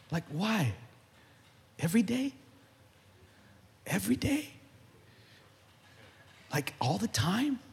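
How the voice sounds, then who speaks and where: A man preaching a sermon as pastor, animated and building to shouts, in a large church hall. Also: high voice, vocal fry.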